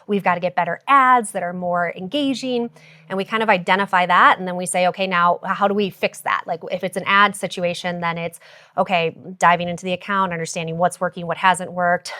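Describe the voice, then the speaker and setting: A woman guest on a podcast, explaining ad and growth strategy in a brisk, jargon-heavy way with frequent fillers. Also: on the low side, steady tone, pushed and bright. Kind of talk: casual podcast interview.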